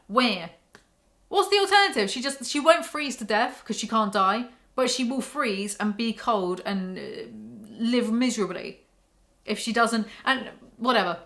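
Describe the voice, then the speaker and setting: A woman's voice: on the high side, animated, moderate pace, fairly bright tone. A young woman giving a casual spoken book review to camera at home. She rants candidly and swears freely.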